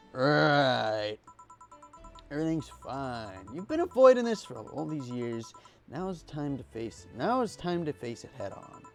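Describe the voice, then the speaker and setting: A streamer reading game dialogue aloud, stumbling and restarting now and then. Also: male voice, on the high side, darkish tone.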